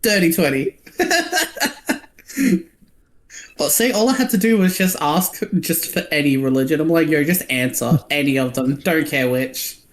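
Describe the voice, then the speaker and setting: A man's voice: a little high, expressive, measured pace. A man playing a tabletop game, joking and swearing as he describes what his character does. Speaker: player. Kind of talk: casual tabletop game chat.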